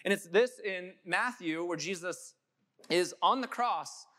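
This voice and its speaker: A man's voice: high voice, unhurried, fairly bright tone. A young adult man preaching a sermon, impassioned and building to emphatic peaks. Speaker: pastor.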